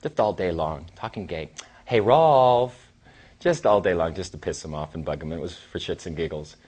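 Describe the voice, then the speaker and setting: A man in his thirties giving a casual, rambling seminar talk as a trainer, with sighs and long pauses. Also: very deep voice, fairly even intonation, darkish tone, breathy edge. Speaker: dating coach and trainer.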